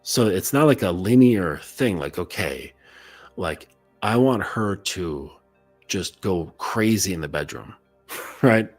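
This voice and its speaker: A man with a fairly low, husky voice gives a casual coaching monologue. He talks loosely and conversationally and keeps checking in with the listener. Faint music plays underneath. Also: expressive, slow pace. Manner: loose and conversational, full of "like" and "okay?" check-ins.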